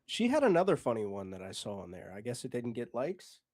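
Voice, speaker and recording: A man's voice: mid-range voice, wildly swooping pitch, a little fast, darkish tone, dry recording, clean studio sound. A man hosting a comedy podcast, talking loosely and with swearing, joking with his co-host and announcing the joke concept. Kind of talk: casual podcast chat.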